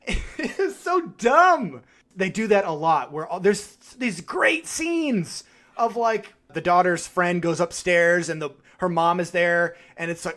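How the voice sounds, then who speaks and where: A man co-hosting a podcast, chatting casually, animated and quick to swear as he acts out reactions. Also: high voice. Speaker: podcast co-host. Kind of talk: casual chat.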